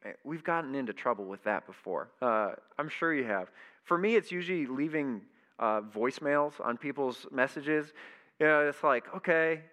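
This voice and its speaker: Bright-voiced man preaching with emphasis. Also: medium pitch, normal speed. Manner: animated, emphatic preaching with repeated phrases. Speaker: pastor. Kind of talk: sermon.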